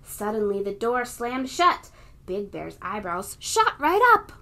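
A librarian reading a picture book aloud to young children and leading them in a game. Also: female voice, mid-range voice, very animated, slow pace. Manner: warm, encouraging, talks to young kids.

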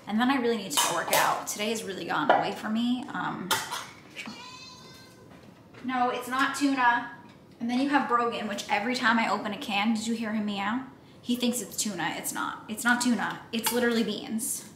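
A young woman with a fairly high voice vlogs from her kitchen at home, chatting to the camera in a casual, playful way at a moderate pace while she cooks. The room is echoey, and a faint hiss runs underneath.

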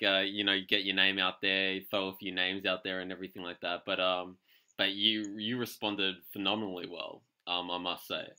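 A man's voice: low-pitched, bright, forceful tone, clear, resonant tone. A man interviewing a rapper, asking rambling questions full of hesitations and giving short agreeing replies. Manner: hesitant, many fillers and restarts, short backchannels. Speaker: interviewer, host.

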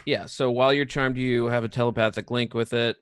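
A man running a tabletop game from a home microphone, his easygoing voice sitting at a middle pitch. He chuckles often and pauses on fillers as he explains the rules. The sound is dry and close, with no room behind it. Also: clean tone, no echo. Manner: relaxed, chuckling, hesitant with fillers. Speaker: dungeon master.

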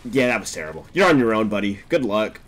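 A young man streaming a game, chatting casually, swearing often and breaking into laughter and excited outbursts. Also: on the low side, fast talker. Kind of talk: casual gameplay commentary.

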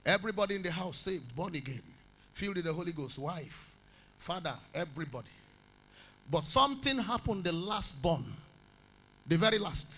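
A male pastor preaching a dramatic sermon, swinging from shouted peaks down to quiet storytelling. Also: high voice, slight background noise, poor audio.

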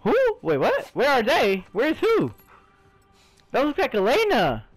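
A man streaming a story game, reacting excitably, exclaiming, swearing and calling the viewer "bro" all the time. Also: very high-pitched, a little slow, faint music behind. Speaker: gaming streamer. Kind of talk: let's play commentary.

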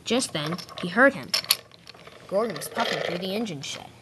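A woman's voice: fairly low pitch, animated, normal speed, very noisy. A woman narrating a homemade toy train story plainly, often restarting her lines. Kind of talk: unscripted storytelling.

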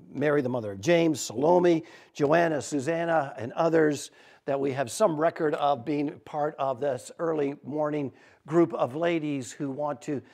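A male pastor preaching in an informal, animated storytelling manner, with fillers and repeated words. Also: a little high. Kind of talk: sermon storytelling.

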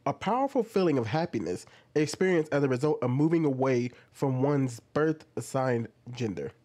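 A man's voice: mid-range voice, warm tone. A young man giving reaction commentary, arguing with a string of rhetorical questions.

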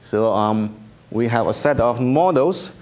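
A man with a Chinese accent, whose first language is Chinese, giving a conference talk with slides in a halting way, full of ums and uhs and light self-deprecating humor. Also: medium pitch, animated, darkish tone. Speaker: speaker at an engineering research review. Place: conference room.

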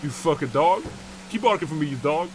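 A man's voice: on the high side, animated, a little fast, a little hiss or hum. A man streaming a game role-play as a pirate robber, brash and profane, throwing in growled pirate calls.

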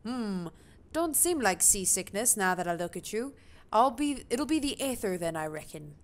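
A talkative male trader on a sailing ship rambles on in a rough attempt at a British accent, put on by a woman. The lines come out read and halting, as if off a screen. The pitch stays in a middle range. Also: big pitch swings. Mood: folksy. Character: grizzled male peddler on a ship, chatty.

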